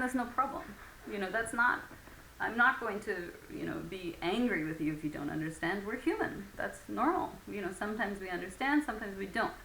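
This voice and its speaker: A woman with a medium-pitched, creaky, slightly bright voice patiently teaches an English conversation lesson, using many fillers and acting out example phrases. This recorded lecture takes place in an echoey room with faint ambient noise.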